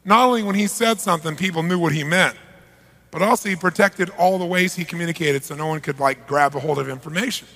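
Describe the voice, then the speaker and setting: A man giving an energetic live seminar talk, often putting questions to the audience. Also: on the high side, fast. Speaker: motivational seminar speaker. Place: large seminar hall. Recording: live hall reverb.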